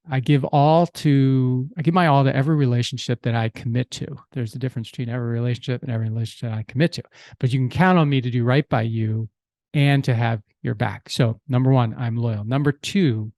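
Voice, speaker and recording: A man's voice: mid-range voice, a little mellow, no echo. Casual middle-aged male podcast host, plain mid-range voice, conversational storyteller, dry close mic. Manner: easygoing, with restarts and "you know".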